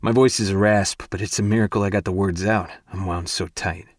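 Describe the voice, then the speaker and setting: A man narrating a first-person romance audiobook in an intimate, hushed and breathy way. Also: sits low, steady tone, brisk, no echo, clean studio sound.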